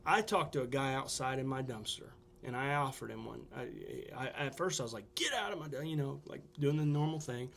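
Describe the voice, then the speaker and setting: A man's voice: medium pitch, brisk, vocal fry, few pauses, slight background noise. A man, a small-town entrepreneur, telling a story as a podcast guest in a casual way, acting out what people said and leaning on fillers like "you know.". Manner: animated storyteller who acts out quoted dialogue.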